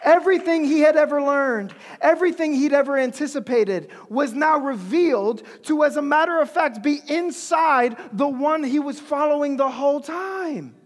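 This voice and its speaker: A preacher giving an animated, humorous, conversational sermon in a large hall. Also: high voice, normal speed, hardly any pauses.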